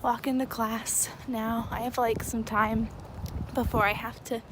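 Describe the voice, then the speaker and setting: A woman in her twenties, vlogging in a chatty, giggly and excitable way on a handheld phone camera. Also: a little high, measured pace. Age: 20s. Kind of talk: casual vlog. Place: outdoors in snow and indoors in a college town. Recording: noisy phone recording.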